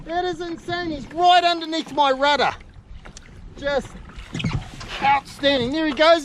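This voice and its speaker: A middle-aged man with a New Zealand accent, narrating an excited outdoor vlog from a kayak at sea and often calling out loudly. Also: extremely high pitch, a little slow, rough recording. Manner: excitable, exclaiming, calls out loudly. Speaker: kayak fishing host. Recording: wind and water noise.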